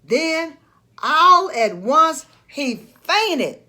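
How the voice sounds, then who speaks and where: A woman reading a children's storybook aloud in an expressive way. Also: sits high. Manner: expressive, slow read-aloud.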